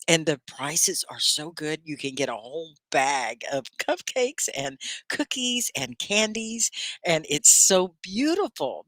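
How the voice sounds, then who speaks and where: Animated woman teaching English live. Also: low voice, dry recording. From Texas. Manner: animated and gushing, reading viewers' comments aloud. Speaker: ESL teacher hosting a live class. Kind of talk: live online English lesson, chatting with viewers.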